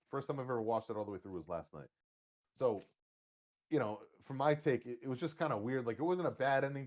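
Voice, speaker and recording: A man's voice: mid-range voice, lo-fi sound. A man co-hosting a podcast, rambling with many restarts in casual talk about a movie. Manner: rambling, halting, many fillers. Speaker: podcast co-host.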